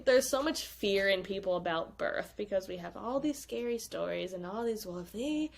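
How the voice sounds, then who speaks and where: An animated woman tells a personal story as a podcast guest. She acts out what she said back then, and her voice jumps higher on those lines. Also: moderate pace, creaky. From United States. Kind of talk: casual storytelling.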